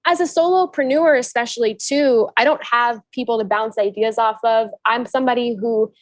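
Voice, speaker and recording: A woman's voice: fairly high pitch, no echo. A woman co-hosting a podcast, talking candidly and personally in casual chat. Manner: candid, confiding, quick laughs. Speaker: podcast co-host, solopreneur.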